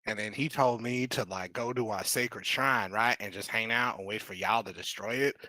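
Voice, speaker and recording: A man's voice: lowish voice, normal speed, sharp tone, dry recording. A man voicing a brash, slangy male goblin sorcerer in a tabletop role-play, rambling with street slang and cussing.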